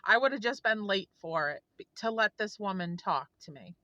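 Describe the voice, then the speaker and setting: A woman's voice: medium pitch, expressive, moderate pace, sharp tone, dry recording, muffled recording. A woman vlogger telling a heartfelt story to her viewers in an earnest, rambling way. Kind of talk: casual storytelling to camera.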